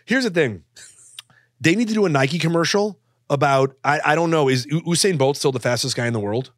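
A man's voice: fairly high pitch, brisk, no echo, studio quality. A man co-hosting a comedy podcast, joking and rambling with lots of fillers. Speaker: podcast co-host. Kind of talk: casual comedic chat.

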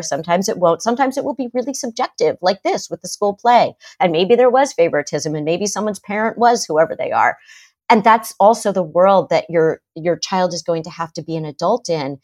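A woman's voice: medium pitch, a little mellow. A middle-aged woman psychotherapist in a podcast interview, talking animatedly and acting out parents' voices. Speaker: psychotherapist guest.

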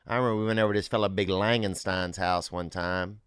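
A low-pitched man co-hosts a casual comedy podcast, wandering through crude anecdotes with plenty of "uh" and "um". His voice sits close and dry, with no room around it. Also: steady tone, quick pace, a bit bright, clear, resonant tone, no room sound. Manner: rambling, crude storytelling with many fillers. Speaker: podcast co-host.

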